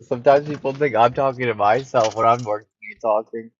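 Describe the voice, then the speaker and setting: A man's voice: mid-range voice, brisk, lo-fi sound. Man tossing in dry teasing quips. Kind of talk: casual chat.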